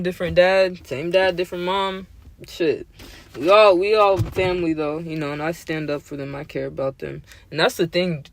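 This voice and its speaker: Slangy high-voiced young man. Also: vocal fry. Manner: slangy and profane, heated when worked up. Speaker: podcast host. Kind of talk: casual chat.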